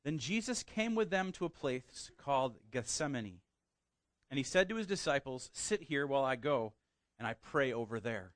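A man's voice: on the high side, a bit bright, no echo. A man preaching a sermon who reads scripture aloud, then preaches with rising emphasis and asks the congregation questions. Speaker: pastor.

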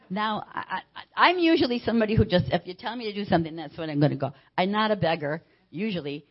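A woman's voice: medium pitch, animated, quick pace, few pauses, slightly rough. An older woman giving a personal faith testimony as a story, animatedly acting out what other people said. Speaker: church member giving a testimony. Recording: dull lo-fi recording.

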